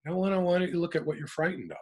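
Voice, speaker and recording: A man's voice: high-pitched, very fast. A middle-aged man from the United States, talking emphatically as an interview guest about working through his emotions. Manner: animated, emphatic, works through emotions aloud. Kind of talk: reflective personal talk.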